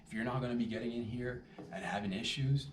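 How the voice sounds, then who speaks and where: A man's voice: mid-range voice, quick pace. Rambling, profane man in a roomy space. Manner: rambling, profane, animated asides. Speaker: podcast host. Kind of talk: rambling comedic podcast monologue. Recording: roomy, distant mic with faint background noise.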